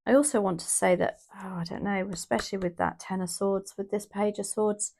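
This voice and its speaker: A woman's voice: medium pitch, fairly even intonation, brisk, vocal fry, darkish tone. A woman from the UK doing a casual, emotional tarot reading, rambling with restarts and exclamations. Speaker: tarot reader.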